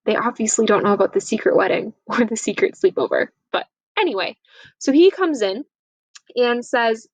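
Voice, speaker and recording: A young woman teacher talking through a story in a chatty, easygoing lesson voice. Her pitch sits fairly high, and the sound is close and dry with no room echo around it. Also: normal speed. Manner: chatty, lively, acts out quotes. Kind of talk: casual summary of a play.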